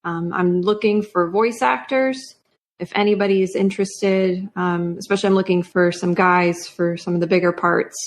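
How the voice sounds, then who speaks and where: A woman's voice: on the low side, steady tone, moderate pace. A woman, a writer and guest, chatting casually with frequent fillers. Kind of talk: casual chat.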